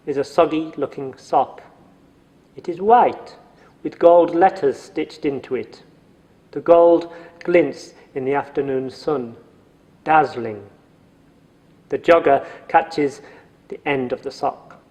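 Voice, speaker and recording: A man's voice: a little high, darkish tone, in a large hall. A man narrating a story from a script in a dry, wry manner.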